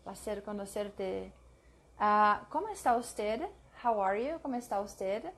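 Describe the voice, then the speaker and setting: Slow, careful woman reading study notes. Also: mid-range voice, animated. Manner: reads notes aloud, pausing to correct her own mix-ups; repeats and drills words slowly. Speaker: language learner sharing study notes. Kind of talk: slow read-aloud study session.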